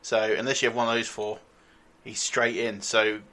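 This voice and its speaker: A man co-hosting a fantasy football podcast, explaining things in a steady, casual way. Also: fairly low pitch, moderate pace. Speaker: podcast co-host.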